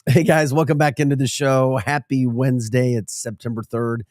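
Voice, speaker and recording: A man's voice: mid-range voice, level tone, normal speed, darkish tone, no echo, clean studio sound, faint music behind. A man hosting a casual morning radio show with a St. Louis accent, chatty and laughing at his own stories. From St. Louis area, Midwest.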